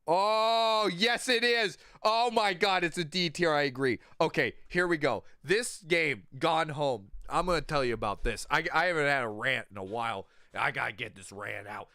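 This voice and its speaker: Streamer, male, higher voice, fired-up profane rant, dry close sound. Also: normal speed, few pauses, no room sound. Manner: animated, profane, exasperated ranting. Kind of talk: ranting livestream commentary.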